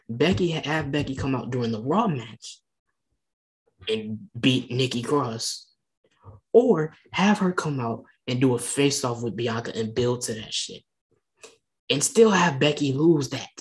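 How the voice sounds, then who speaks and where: A wrestling fan ranting in casual conversation. The speaker keeps a middle pitch, heated and profane, and keeps breaking into loud, emphatic bursts despite trying to keep it down. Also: poor audio. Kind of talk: casual rant.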